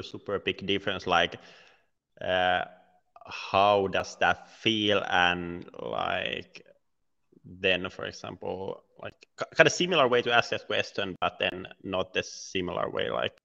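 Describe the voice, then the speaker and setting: A man hosting a podcast interview, asking questions in a halting way with many fillers. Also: low voice, vocal fry, bright, forceful tone, in a large hall, lo-fi sound. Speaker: podcast host.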